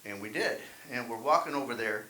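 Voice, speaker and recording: A man's voice: medium pitch, fairly quick, pushed and bright. A man performing a wry, self-deprecating stand-up set at an open mic. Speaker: stand-up comedian. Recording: echoey room, faint hiss.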